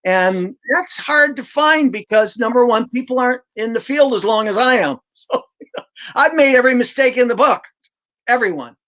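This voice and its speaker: Emphatic older reading coach. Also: male voice, very high-pitched, animated, normal speed, pushed and bright. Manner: emphatic, sounds out syllables aloud. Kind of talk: conversational explanation.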